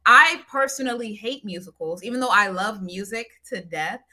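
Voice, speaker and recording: A woman co-hosting a casual chat, talking in an expressive, playful way. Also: mid-range voice, normal speed.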